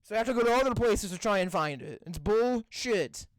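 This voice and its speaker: A man's voice: sits high, expressive, clean tone, dry recording. Exasperated young man, crude podcast banter. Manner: profane, exasperated, spells words out slowly. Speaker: podcast co-host.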